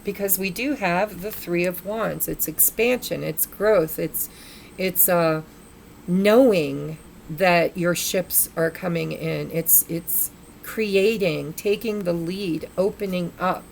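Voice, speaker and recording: A woman's voice: lowish voice, takes it slowly, creaky, slight background noise. A woman giving a casual spoken tarot reading, musing aloud as she draws cards and addresses spirit and her viewers. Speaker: tarot reader.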